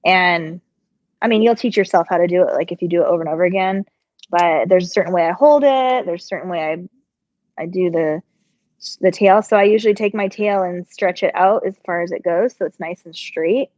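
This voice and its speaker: A middle-aged woman who hosts a sewing channel speaks in a fairly low, darkish, slightly congested voice at a brisk clip. She chats and rambles casually during a live stream while working, answering viewer questions. The recording is dry, and her mic sounds dull.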